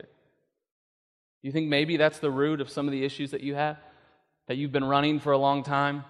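A male pastor preaching a sermon, acting out voices and building to emphatic peaks. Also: mid-range voice. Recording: long reverb of a hall.

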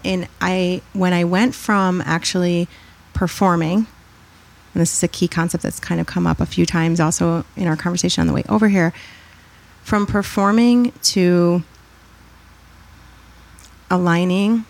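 A woman speaks as a guest on a podcast, in a relaxed, conversational and reflective way. Her voice sits a little low, and she brightens up when she tells a story. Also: gravelly. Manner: reflective, animated when telling stories, acts out quoted voices.

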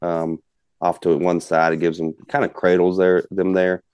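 A man's voice: low voice, level tone, normal speed, a little mellow, clean tone, dry recording. A man spins a long, folksy hunting story. He rambles and fills with "you know", and the sound is close and dry. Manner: folksy, rambling, many fillers. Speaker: guest hunter. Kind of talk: casual storytelling.

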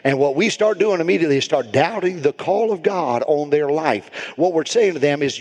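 A man preaching a sermon as pastor, building to shouted, repeated emphasis. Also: fairly high pitch, expressive, brisk, few pauses. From United States. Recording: reverberant hall.

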